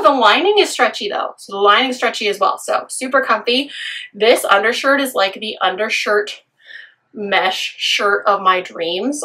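A woman with a raspy, hoarse voice from a lingering cold talks through a casual try-on haul vlog. She gushes effusively over each piece, her tone sharp and bright, and her voice sits a little high. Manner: gushing, effusive. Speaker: fashion vlogger.

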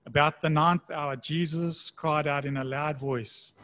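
A man preaching a sermon in a conversational way, slowing down to read scripture aloud. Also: fairly high pitch, steady tone, pushed and bright. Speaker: pastor.

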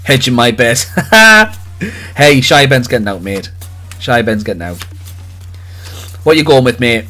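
A man hosting a live card-opening stream, chatting excitedly with viewers and calling out their names. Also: medium pitch. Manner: excitable, jokey, rapid swings between loud cheers and quiet mutters. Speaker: livestream host opening trading cards.

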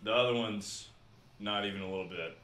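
A man's voice: fairly low pitch, fairly quick, fairly bright tone. A young man streaming a game live, chatting casually and swearing freely as he talks to his chat between rounds. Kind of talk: casual livestream chat while playing. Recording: roomy echo.

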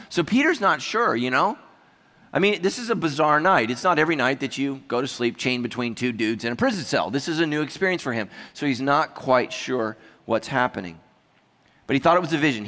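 A man preaching a sermon as pastor, telling stories with humor and lively asides. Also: on the high side, in a large hall. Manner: humorous, animated storytelling with asides.

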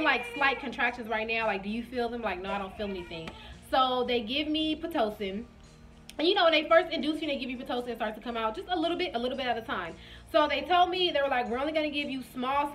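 A young woman casually telling viewers her labor story, acting out her own reactions in sudden high bursts and calling them "y'all". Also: a bit bright. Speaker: vlogger.

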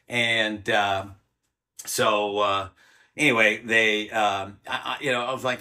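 Older guy swearing his way through a story, bright pushy voice, does the other people's voices. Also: medium pitch, steady tone, moderate pace. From United States. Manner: blunt and profane, acts out quoted voices. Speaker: interview guest, former Army Ranger. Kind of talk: casual storytelling.

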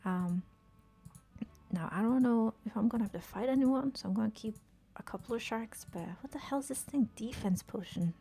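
Husky, mellow-voiced woman streamer. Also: a little high, moderate pace. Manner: chatty, swears casually, talks to game characters; often drops to a whisper. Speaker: game streamer. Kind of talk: casual live-stream chat while gaming.

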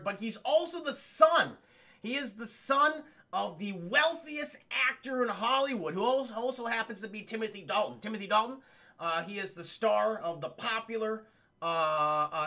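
A man recaps a movie for his livestream chat in a loose, rambling way, swearing freely and calling out to the chat every few lines. His voice sits high for a man and has a bright, sharp edge. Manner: rambling, profane, keeps addressing the chat. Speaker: streamer reviewing a film.

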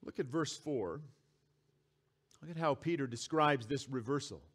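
A man's voice: mid-range voice, measured pace, fairly bright tone, slightly rough. A man preaching a sermon as pastor, reading scripture aloud and repeating key phrases for emphasis. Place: church sanctuary.

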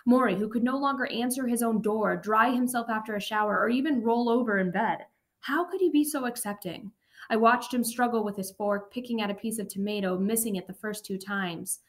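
A woman reading a first-person memoir aloud as an audiobook narrator, steady and even. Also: a little high, brisk.

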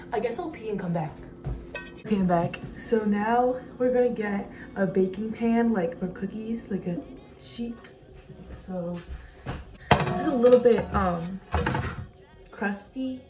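A woman's voice: mid-range voice, a little slow, long pauses, poor audio. Chatty young woman vlogging in her kitchen. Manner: scattered, chatty, lots of "like". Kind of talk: casual cooking vlog. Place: home kitchen. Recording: music playing underneath. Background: background music.

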